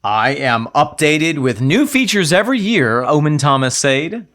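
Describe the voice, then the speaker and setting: A man's voice: a little high, big pitch swings, unhurried, a bit bright. A man co-hosting a podcast, making dry, playful wisecracks in casual chat. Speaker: podcast co-host.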